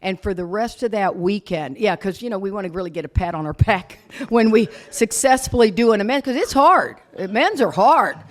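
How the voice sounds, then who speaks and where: A woman's voice: medium pitch, lively intonation, fairly quick, few pauses. A woman speaking at a recovery retreat, telling her story candidly with some swearing. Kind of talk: recovery meeting talk. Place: retreat meeting room.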